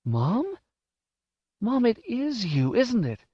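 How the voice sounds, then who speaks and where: Old mother figure, tearful and tender, pitched up high, as a male reader puts her on; dull dry recording. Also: sing-song, moderate pace, no echo. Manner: pleading, tearful, soft.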